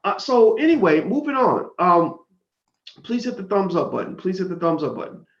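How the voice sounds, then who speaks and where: Emphatic male streamer, animated high voice, roomy lo-fi sound. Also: normal speed. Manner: emphatic, preachy, swings from loud outbursts to low asides. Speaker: commentator on a live stream. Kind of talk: fiery monologue to viewers. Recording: roomy, dull lo-fi stream audio.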